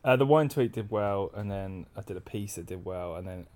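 A man's voice: low voice, normal speed, darkish tone. A man in casual chat, hesitant and self-deprecating, often laughing.

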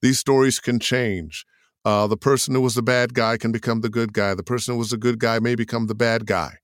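An older man talks about his career as a voice actor with a smooth, resonant voice. He tells it like a storyteller, slipping into quoted voices. The sound is close and dry. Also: medium pitch, a little fast, no echo. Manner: animated storyteller, acts out quotes in put-on voices. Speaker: voice actor guest. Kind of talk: interview answers.

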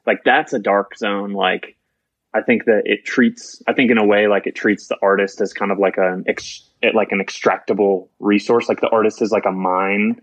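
A man's voice: on the low side, steady tone, normal speed, fairly bright tone. A man talking as a podcast guest in loose, rambling chat, swearing freely and filling with "like". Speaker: musician guest.

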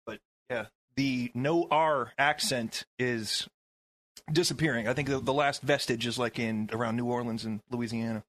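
A man's voice: medium pitch, fairly even intonation, moderate pace, a bit bright, dry recording. A man on a radio talk show who explains points while stammering over repeated words.

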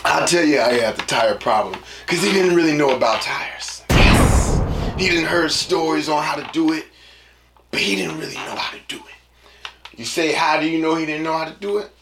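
Male podcast host, casual rambling monologue full of slang, slightly high pitch, echoey room. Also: brisk, heavy background noise. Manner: rambling, animated storyteller with slang.

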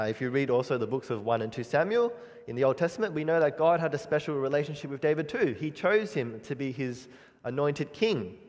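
A man's voice: fairly high pitch, in a large hall. A man giving a sermon on a psalm, talking in an earnest, reflective way, often asking rhetorical questions and saying "you know.". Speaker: preacher.

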